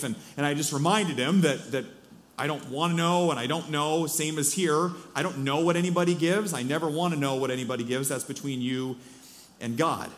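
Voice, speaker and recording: A man's voice: a little high, a little fast. A male pastor preaching a sermon in a church, speaking conversationally with many fillers and restarts.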